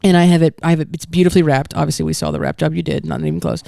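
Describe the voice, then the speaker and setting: A woman's voice: sits low, steady tone, very fast, vocal fry, warm tone, no room sound, clean studio sound. A woman co-hosting a podcast, telling a long, rambling hypothetical story in casual banter. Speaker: podcast co-host.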